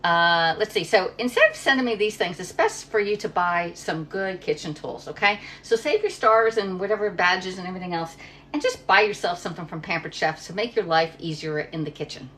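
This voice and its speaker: A woman's voice: fairly low pitch, brisk, fairly bright tone, slight background noise. A middle-aged woman from Pennsylvania chatting casually while cooking in her home kitchen, rambling and reading viewer comments aloud. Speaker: livestream cooking host.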